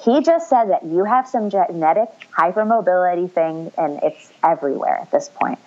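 A woman's voice: lowish voice, lively intonation, moderate pace, highs cut off. A young woman in casual chat, speaking candidly, swearing freely and acting out what others said.

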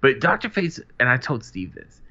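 Male podcast co-host, forceful bright voice, excitable and profane, muffled recording. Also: medium pitch, normal speed. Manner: excitable, profane, laughs a lot. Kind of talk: casual chat.

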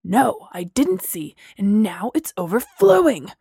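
A woman's voice: medium pitch, sing-song, measured pace, vocal fry, warm tone, breathy edge, no echo, clean studio sound, exaggerated voice. A woman voicing a testy, defensive young man who drags out his words.

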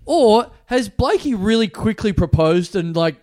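An Australian man with a high voice, ribbing his friends in casual podcast chat. His jokes come quick and dry. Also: lively intonation, a little mellow.

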